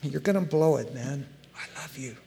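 A preacher voicing Jesus as a forgiving grown man, speaking in a hushed, almost whispered voice in a sermon. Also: medium pitch, normal speed, gravelly, in a large hall, natural voice. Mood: tender.

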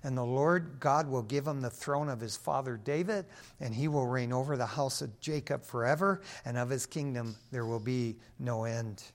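A man's voice: medium pitch, moderate pace. A male pastor preaching a sermon in a casual, slangy, emphatic way.

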